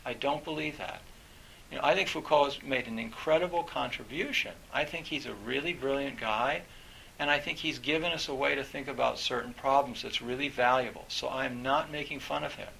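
A middle-aged man, a university professor, giving a reflective talk in a halting way, with many fillers and restarts. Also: medium pitch, gravelly, sharp tone, slight background noise, rough recording.

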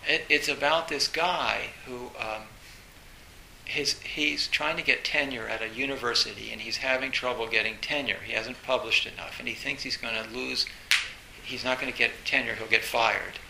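A man giving an informal dharma talk as a Zen teacher. He speaks haltingly and grows more animated as he retells a story. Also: mid-range voice, creaky. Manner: halting, storytelling, recounts a film with rising animation. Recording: roomy echo with faint hiss.

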